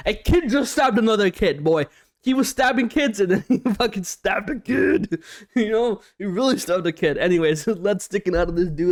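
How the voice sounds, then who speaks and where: A young man hosting a casual storytime vlog, slangy and animated, swearing often and acting out what people said. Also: sits high, normal speed. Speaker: storytime YouTuber.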